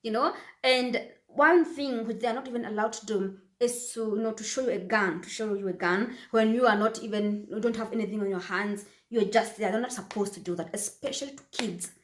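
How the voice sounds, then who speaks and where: A woman's voice: a little high, a little fast, few pauses, echoey room. A woman from Kenya, talking casually to camera as a vlogger and repeating phrases for emphasis.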